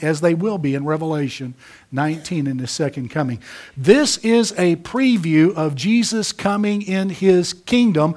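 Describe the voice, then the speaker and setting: A man preaching a sermon, emphatic, rising to loud peaks and dropping to soft asides. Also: fairly high pitch, lively intonation, moderate pace. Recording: audio of a church sermon.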